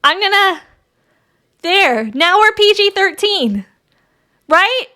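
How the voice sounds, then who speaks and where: A woman's voice: extremely high pitch, sing-song, takes it slowly, bright, forceful tone. A woman streamer chatting casually with her viewers, crude and giggly, bantering with chat. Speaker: VTuber streamer.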